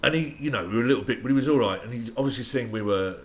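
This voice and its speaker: A man's voice: medium pitch, very fast. An English man, a musician guest, telling rambling stories in casual slang, full of restarts.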